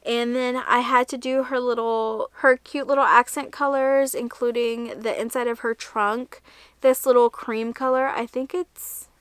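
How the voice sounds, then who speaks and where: A woman's voice: on the high side, steady tone, measured pace, clear, resonant tone, no room sound. A young woman chatting casually in a crochet vlog, rambling and correcting herself as she shows her projects. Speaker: crochet vlogger. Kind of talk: casual show-and-tell vlog.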